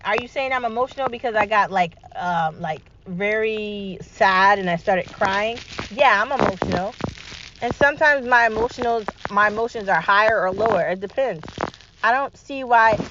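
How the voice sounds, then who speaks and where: A woman's voice: fairly high pitch, muffled recording, noisy background. A woman talking alone in an emphatic, repetitive, rallying way, swearing freely. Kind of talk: solo monologue vlog.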